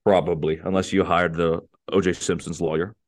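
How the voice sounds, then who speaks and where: A man's voice: deep voice, little pitch movement, a little fast. A man co-hosting a casual comedic chat, dropping in wry, teasing interjections. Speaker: podcast co-host.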